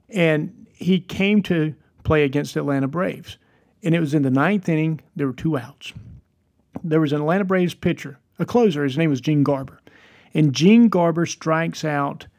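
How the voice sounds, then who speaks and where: A man's voice: on the high side, a little mellow. A man, hosting a devotional podcast and telling a story in an earnest, encouraging way. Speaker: podcast host.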